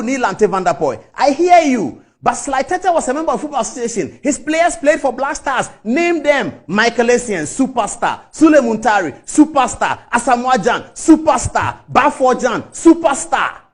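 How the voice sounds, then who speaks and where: A middle-aged man with a Ghanaian English accent speaks in a strikingly high voice that leaps and dips with feeling. He delivers a fiery, rhetorical public speech and hammers his points home by repeating them.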